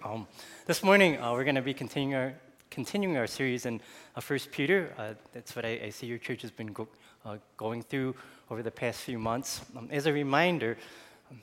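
A man's voice: mid-range voice, a bit bright, in a large hall. A man with a Chicago accent, a guest pastor giving a sermon in a conversational way, with many fillers and restarts. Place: church sanctuary.

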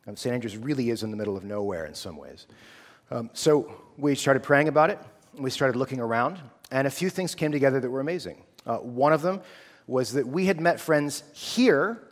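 A man in his thirties from the United States, a theology student telling a personal testimony in an earnest, casual storytelling way. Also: mid-range voice. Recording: long hall reverb.

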